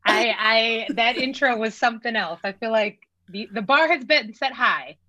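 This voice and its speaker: Woman guest on a podcast, wry and joking, bright voice, dry dull audio. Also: on the high side, lively intonation, moderate pace, no room sound. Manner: wry, self-deprecating, laughing. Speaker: podcast guest, school leadership program director. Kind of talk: casual podcast chat.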